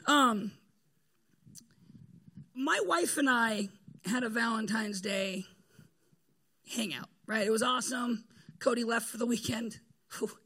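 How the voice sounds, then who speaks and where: A man's voice: extremely high pitch, slow pace, pauses often, sharp tone. A man preaching a casual sermon to a room of people, laid-back and joking, with slang and fillers. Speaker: pastor. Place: room with a gathered group.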